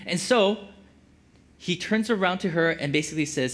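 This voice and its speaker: A man's voice: fairly high pitch, lively intonation, moderate pace, a bit bright. A man giving casual Bible teaching as a preacher, conversational and full of filler words. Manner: conversational, lots of "like" fillers, acts out quotes.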